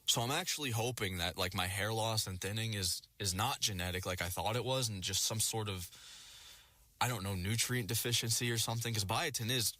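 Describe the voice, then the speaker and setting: Young man, casual swearing rant, lowish voice, lots of "like" and "you know". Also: brisk, bright, forceful tone, dry recording. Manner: profane, rambling, lots of filler words. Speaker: vlogger.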